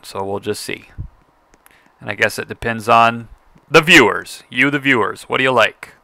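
A man giving casual gameplay commentary, playful and excitable, teasing other players and chatting to his viewers. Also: medium pitch, moderate pace, gravelly, no room sound. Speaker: gaming video creator.

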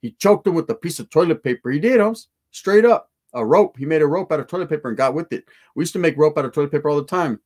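A man's voice: fairly high pitch, animated, fast talker, hardly any pauses, a little mellow. A man, chatting loosely on a stream in street slang with Spanish words mixed in. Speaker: livestream host reacting to a film and reading chat. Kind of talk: casual chat.

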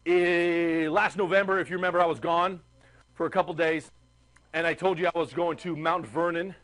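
A man teaching a history class, chatty and animated, asking the class questions. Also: on the high side, moderate pace. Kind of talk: classroom lecture.

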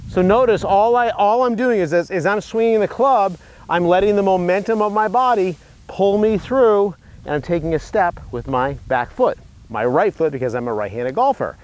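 A man's voice: high voice, lively intonation, normal speed, darkish tone. A man teaching a golf lesson, telling a story earnestly with a few restarts, outdoors at a practice area. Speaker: golf instructor. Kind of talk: instructional video.

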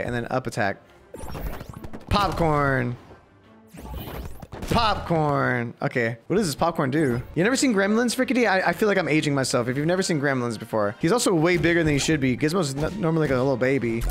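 An excitable young man commentates a live game stream, his fairly high voice swinging widely in pitch. He squeals upward when something delights him. Faint music runs underneath.

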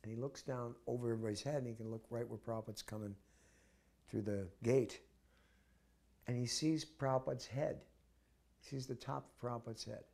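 A man with a gravelly, creaky voice shares memories in an interview. He tells the story in an animated way, with quick restarts, and acts out the voices of the people in it. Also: medium pitch. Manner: acts out the voices in his stories; vivid, with restarts.

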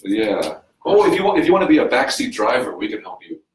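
A man's voice: mid-range voice, sing-song, fast talker, recorded from a distance. A man teaching English on a casual livestream, chatty, who laughs often and keeps checking in with "right?". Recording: roomy echo, off-mic.

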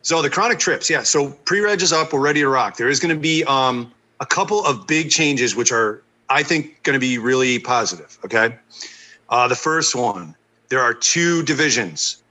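A man's voice: mid-range voice, lively intonation, normal speed, sharp tone, rough recording. A man co-hosting a podcast in casual chat, easygoing and explaining things step by step. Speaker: podcast co-host.

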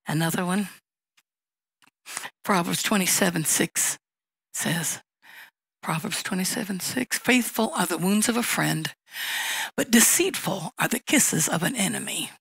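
A woman pastor delivers a sermon with a gravelly, slightly creaky voice. She teaches in a conversational way, reading out Bible verses between plain everyday examples. The sound is close and dry, with no room around it. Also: fairly low pitch, expressive, a little slow, long pauses, a bit bright, dry recording, poor audio. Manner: conversational teaching, reads scripture aloud, acts out little dialogues.

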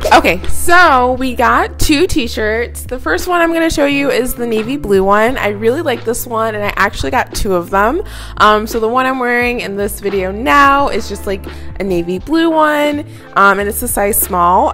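Chatty young woman with a lively high voice. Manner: chatty, lots of fillers and laughs. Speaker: student vlogger. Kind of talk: casual haul vlog.

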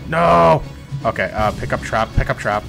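A young man streaming a game, chatting excitedly, yelling at characters and swearing when things go wrong. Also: lowish voice, quick pace, soft background music. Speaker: gaming streamer. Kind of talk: live gameplay commentary.

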